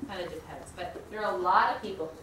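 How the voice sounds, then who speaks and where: A woman's voice: fairly low pitch, fast, fairly bright tone. A woman teaching a yoga training class, talking the group through breathing and asking them questions. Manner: conversational, asks the class questions. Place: studio room with a group. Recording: echoey room, distant mic, noisy.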